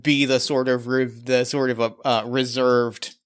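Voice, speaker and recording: A man's voice: medium pitch, little pitch movement, unhurried, clean tone. A man playing a tabletop role-playing game, chatting enthusiastically and rambling about his dice and moves. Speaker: player. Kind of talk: tabletop game play, casual.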